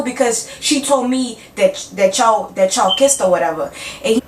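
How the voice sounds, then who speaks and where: Her voice sits on the high side and moves at an ordinary pace as this young vlogger shares a laid-back storytime, swearing freely and playing every part in the dialogue with lively energy. A far-off microphone gives the audio a roomy quality, and a faint hum runs underneath.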